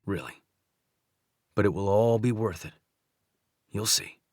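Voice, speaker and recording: A man voicing a calm male country doctor in an audiobook, speaking gently and steadily. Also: fairly low pitch, measured pace, no echo, studio quality. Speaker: audiobook narrator. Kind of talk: audiobook dialogue reading.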